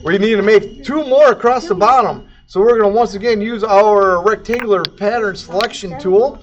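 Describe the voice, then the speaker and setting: Goofy high-voiced man teaching CAD. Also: normal speed, highs cut off. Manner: goofy, jokey, sound effects and silly accents. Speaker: CAD instructor. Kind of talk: casual screen-recorded tutorial.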